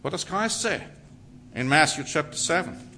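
Emphatic bright-voiced male preacher. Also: on the high side, animated, moderate pace, a little hiss or hum. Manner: emphatic, rhetorical questions, reads scripture aloud. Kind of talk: sermon.

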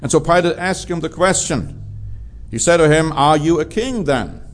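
A man's voice: on the high side, animated, moderate pace. A man preaching a sermon, drawing out key words for emphasis.

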